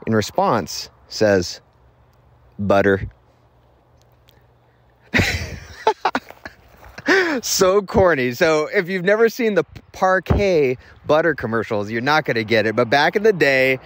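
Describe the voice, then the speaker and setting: A man's voice: medium pitch, fairly bright tone. A man hosting his own show, telling a rambling, self-deprecating story in a casual monologue outdoors near a road. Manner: rambling and self-deprecating, with frequent restarts and chuckles. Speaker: podcast host. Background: faint passing traffic.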